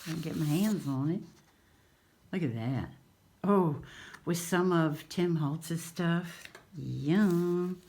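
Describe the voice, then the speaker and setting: A woman shows off craft supplies in a casual, unhurried way. Her voice sits a little low, and she gushes and coos over each piece she holds up. A faint hiss sits under her voice. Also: warm tone. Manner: gushing, cooing over items. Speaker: craft channel host. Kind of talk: casual haul show-and-tell.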